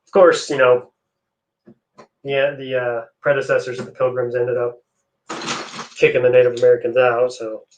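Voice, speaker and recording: A man's voice: medium pitch, normal speed, pauses often, a little hiss or hum. A young man hosting a live stream, chatting casually with viewers while he builds. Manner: relaxed, chatty, answers chat messages.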